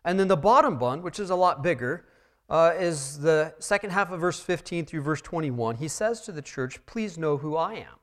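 A man with a fairly high voice preaches a sermon. He works through a text verse by verse, his delivery rising to loud emphasis and dropping back to quiet earnestness. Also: animated, moderate pace. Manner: emphatic preaching with wide swings in loudness; expository, walking listeners through a text. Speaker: pastor.

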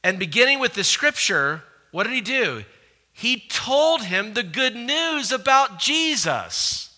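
A male pastor preaching a sermon in an animated, conversational way, often asking the audience questions. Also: very high voice, takes it slowly. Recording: echoey hall reverb.

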